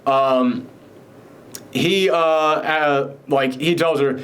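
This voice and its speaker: A man hosting his own show, casually recapping a film in a rambling, animated way with many fillers. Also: on the high side, very slow. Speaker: film reviewer host.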